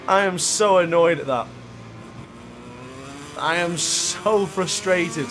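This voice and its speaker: Speaking slowly with frequent pauses, a man with a high-sitting voice commentates his livestream gameplay over a slight hiss or hum. He calls his own race in excitable sports-commentator style, erupting now and then in frustration.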